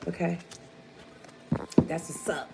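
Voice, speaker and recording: A woman's voice: fairly low pitch, steady tone, slow, gravelly. A woman giving a casual, rambling tarot reading to her viewers, chatty and slangy. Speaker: tarot reader. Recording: noisy home recording.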